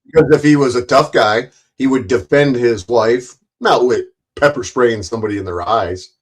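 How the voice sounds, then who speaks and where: On a livestream, a man rants angrily in a profane, confrontational way, frequently stumbling over and repeating words. His pitch is medium and his speed normal, captured through a streaming mic.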